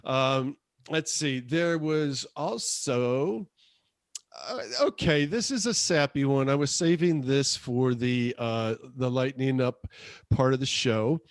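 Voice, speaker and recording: A man's voice: medium pitch, slow pace, dry recording, studio quality. A man in his fifties co-hosting a podcast, telling stories in a rambling, chuckling casual chat. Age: 50s. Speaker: podcast co-host.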